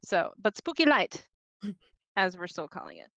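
A woman's voice: on the low side, wildly swooping pitch, measured pace, creaky, a bit bright, no echo. A woman co-hosting a live stream talk show in casual chat, laughing often and swearing freely.

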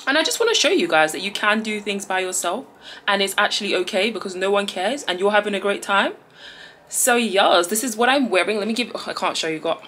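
A young woman, chatting excitedly to viewers in a casual vlog on her phone camera. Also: mid-range voice. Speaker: vlogger. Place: on the way to a festival, train station and crowds. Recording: music and crowd noise behind.

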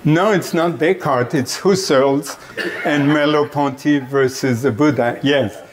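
A man giving an academic lecture in a meditation center classroom, deliberate and explanatory, often checking in with the audience. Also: a little high, crowd noise. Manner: deliberate, checks in with "Okay?", light chuckles.

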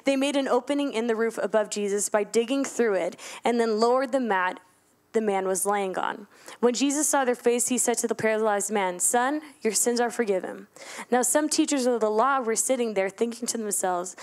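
A woman's voice: a little high, moderate pace. Playful young woman preaching casually. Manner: playful, joking asides to the congregation. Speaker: youth speaker at church service. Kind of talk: casual sermon. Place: church service.

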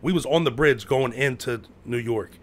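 An American man telling a story in casual chat, full of slang, who acts out quotes with sudden loud outbursts. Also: medium pitch, normal speed. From United States. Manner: heavy slang, lots of "bro" and "like".

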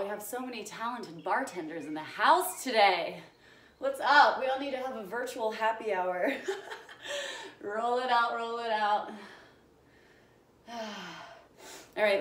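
A woman's voice: on the high side, slight background noise. A young woman leading a live home workout class, counting down reps and greeting viewers by name, out of breath from exercising along. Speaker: fitness instructor. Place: home room, indoors. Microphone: phone on a live stream. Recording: echoey room, mic far off.

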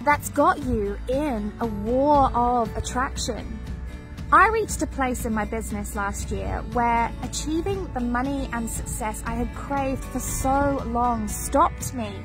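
A woman's voice: on the high side, slow. A woman business coach giving an earnest, emphatic motivational voice-over. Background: music.

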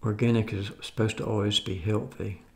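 This is a man in his seventies from the United States, chatting his way through a casual grocery haul. His voice is gravelly and pitched fairly low. He talks in a loose, rambling manner, with folksy asides that often carry a note of doubt. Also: little pitch movement, brisk. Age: 70s. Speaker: food vlogger.

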